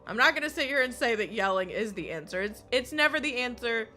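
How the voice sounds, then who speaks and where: Woman streamer venting, cursing a ton, laughing a lot, bright voice, faint music in the back. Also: on the high side, animated, fast talker. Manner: swears constantly, laughs often, ranting. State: recovering from illness. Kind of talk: casual chat while gaming.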